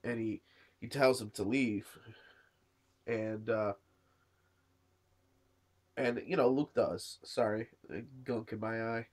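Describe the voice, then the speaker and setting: Speaking slowly in a fairly low, steady voice with long pauses, an ill man coughs his way through a casual manga chapter review. He rambles, filling the gaps with lots of "you know" and "uh."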